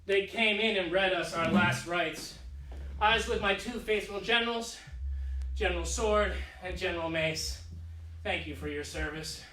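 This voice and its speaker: Petulant young deposed emperor, comic monologue; high, bright voice, recorded in an echoey room. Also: male voice, moderate pace. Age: 30s. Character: vain, childish deposed emperor, young man, self-pitying. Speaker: solo stage performer. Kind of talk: solo theatre monologue. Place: living room. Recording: echoey room, mic far off.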